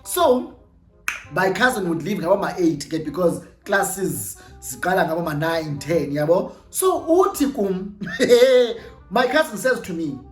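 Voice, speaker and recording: A young South African woman with a Xhosa-flavoured accent, casually telling an animated story and switching between English and Xhosa. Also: fairly low pitch, roomy sound. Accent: South African, mixing in Xhosa. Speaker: storytime vlogger.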